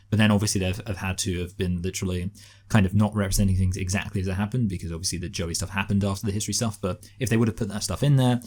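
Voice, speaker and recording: A man's voice: low voice, a little mellow. A man co-hosting a casual film review chat, teasing his co-host and often restarting his sentences. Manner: fast, halting, teasing. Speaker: podcast co-host.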